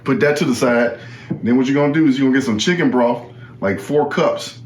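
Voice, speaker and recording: A man hosts a cooking demonstration, talking it through in a casual, chatty way and often repeating himself. His mid-range voice moves briskly, and the sound is reverberant.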